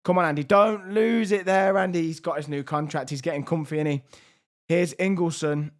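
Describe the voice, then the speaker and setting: A young man with a strained voice, commentating on his own football management game and swinging between hushed and excited. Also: on the high side, normal speed. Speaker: gaming YouTuber.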